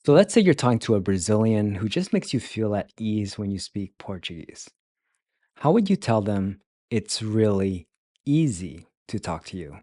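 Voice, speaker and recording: A man teaching pronunciation, breaking words into sounds and repeating them slowly and carefully. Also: fairly low pitch, very animated, dark tone, no echo, clean studio sound. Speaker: language teacher. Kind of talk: slow, careful pronunciation lesson.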